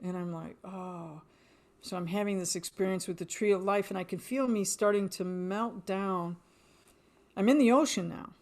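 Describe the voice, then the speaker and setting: A woman's voice: mid-range voice, moderate pace, a little mellow. A middle-aged woman telling a story about a spiritual experience in casual chat, acting out dialogue and laughing often. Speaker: guest.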